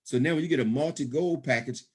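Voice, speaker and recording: This middle-aged man talks fast in a fairly high, husky voice with a slightly mellow quality. He's pitching a business opportunity over a conference call, pressing his points, repeating himself, and frequently asking "okay?"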